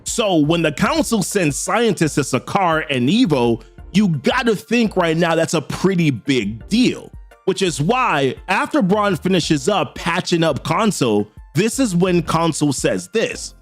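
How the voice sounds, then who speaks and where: A man casually recapping a comic story in a slangy, excited way, as host. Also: on the high side, measured pace, faint music behind.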